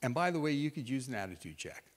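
A man's voice: mid-range voice, very animated, quick pace, natural voice. A man voicing a prophet who scolds sternly in a mock lecture. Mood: scolding. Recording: reverberant hall.

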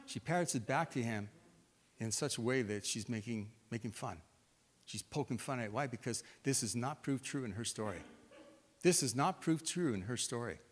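A man preaching a sermon, retelling scripture in an animated storytelling way as if acting it out. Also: medium pitch, normal speed. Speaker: pastor. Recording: reverberant hall.

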